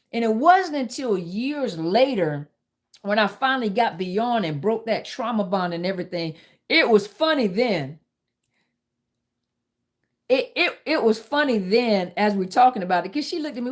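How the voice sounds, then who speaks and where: A middle-aged woman, hosting a live talk and telling a personal story candidly, speaking straight to her viewers. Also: a little high. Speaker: host.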